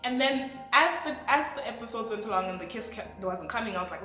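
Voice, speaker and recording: A woman in her twenties talking through a show review, excitable and rambling with lots of fillers. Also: fairly high pitch, fast. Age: 20s. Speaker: vlogger. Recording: echoey room, faint music.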